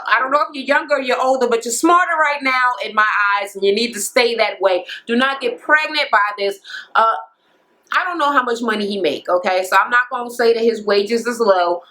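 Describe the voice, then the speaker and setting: A woman's voice: a little high, bright, forceful tone, poor audio. Blunt, profane woman ranting a recap. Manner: profane, blunt and opinionated, acting out quotes. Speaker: reality TV recap vlogger. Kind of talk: casual rant recapping a show. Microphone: camera mic.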